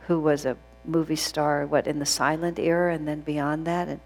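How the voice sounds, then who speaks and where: A woman's voice: deep voice, level tone, moderate pace, darkish tone. A woman teaching a spiritual class, telling stories in an earnest way with frequent fillers and restarts. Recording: long hall reverb.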